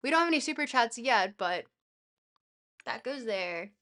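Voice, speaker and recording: A woman's voice: fairly high pitch, animated, moderate pace, pushed and bright. A young woman streaming a casual philosophy lesson, reading a text aloud and breaking off to giggle and thank her chat.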